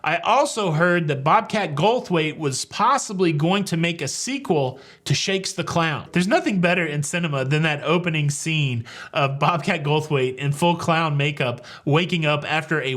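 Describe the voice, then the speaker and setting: A man's voice: fairly high pitch, a bit bright. A middle-aged man hosting a cruise news show, talking casually with wry, sarcastic jokes and rambling asides. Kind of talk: casual comedic commentary.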